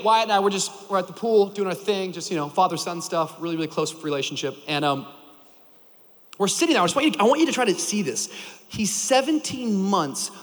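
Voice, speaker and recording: A man in his thirties preaching a sermon to a church crowd, telling a story with lively energy and shouting for emphasis. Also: high voice, big-room sound. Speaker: pastor.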